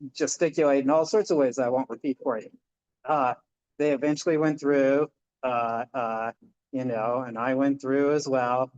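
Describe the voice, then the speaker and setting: A man's voice: medium pitch, a little mellow. A man, a Buddhist minister, giving an informal dharma talk in a chatty storytelling way, with many fillers and restarts. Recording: dull lo-fi sound.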